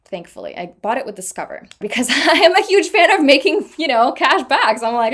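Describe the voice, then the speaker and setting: A young adult woman telling a personal story in a casual vlog, chatty and animated, often laughing at herself. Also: high voice, brisk, hardly any pauses. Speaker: vlogger.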